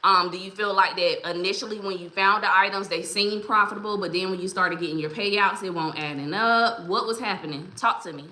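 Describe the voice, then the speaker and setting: Chatty and encouraging, this livestream host welcomes her viewers one by one by name. She speaks briskly at a medium pitch with a bright, forceful tone, in a room with noticeable echo.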